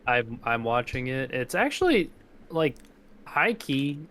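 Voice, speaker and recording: A man's voice: medium pitch, sing-song, slow pace, fairly bright tone, a little hiss or hum. A young man in his twenties co-hosting a casual podcast, telling stories loosely with lots of swearing and laughter. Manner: loose, profane, laughing storyteller. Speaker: podcast co-host. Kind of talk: casual chat.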